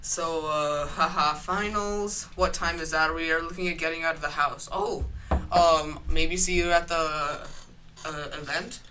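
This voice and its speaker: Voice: medium pitch, fairly even intonation, unhurried, background noise. A young adult co-host in a casual studio chat, joking and reading viewer comments aloud.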